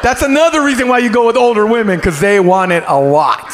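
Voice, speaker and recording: A male stand-up comedian doing crude crowd work in a club, loud and teasing and often breaking into laughter. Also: sits high, fast. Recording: noisy live club.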